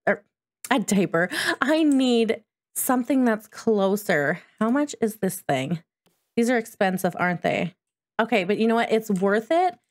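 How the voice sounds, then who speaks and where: A woman giving casual let's-play commentary, chatty and cooing at the characters in her game. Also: a little high. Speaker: gaming video creator.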